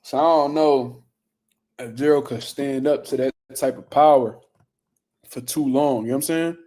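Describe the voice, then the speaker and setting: Mellow-voiced man ranting about boxing. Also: medium pitch, normal speed. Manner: loose, profane, rambling street talk. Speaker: boxing news show host. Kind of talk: casual commentary, reading viewer comments.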